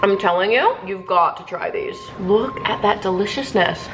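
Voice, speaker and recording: A woman's voice: mid-range voice, moderate pace, fairly bright tone, faint music behind, poor audio. A young woman from Canada chatting casually and cheerfully while cooking in her home kitchen, with dishes and cutlery clinking behind her. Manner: chatty, bubbly, talks with mouth full. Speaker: vlogger. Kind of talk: casual cooking vlog chat.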